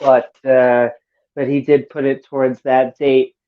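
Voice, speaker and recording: Woman podcast co-host: playful and teasing, with sudden squeaky outbursts and a muffled lo-fi sound. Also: little pitch movement, measured pace. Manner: playful, jokey, bursts into silly high squeals. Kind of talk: casual podcast chat. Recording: dull lo-fi audio.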